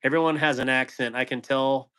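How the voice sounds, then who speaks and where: A man's voice: mid-range voice, fairly even intonation, fairly quick, pushed and bright, clean tone. A man hosting a casual livestream chat, laughing often and reading viewer comments aloud. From Wyoming. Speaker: host.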